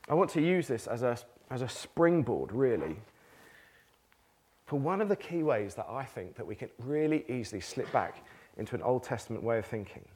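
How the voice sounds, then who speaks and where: A man's voice: mid-range voice, sing-song, normal speed, darkish tone, breathy edge. A man preaching a conversational sermon, asking rhetorical questions and laughing between points. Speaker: pastor.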